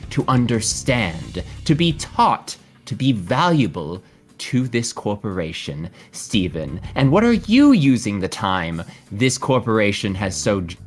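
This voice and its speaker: Guy doing a hushed smooth-talking con man, coaxing, faint music under it. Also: fairly low pitch. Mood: lecturing. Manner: soft, soothing, persuasive.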